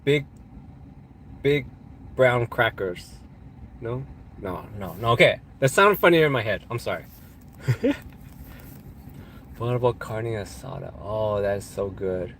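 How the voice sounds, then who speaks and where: A Californian man, stuffed up with allergies, hosts a casual livestream where he rambles and jokes through chat questions, laughing often. His lowish, animated voice is a bit bright, and he speaks slowly with frequent pauses over slight background noise.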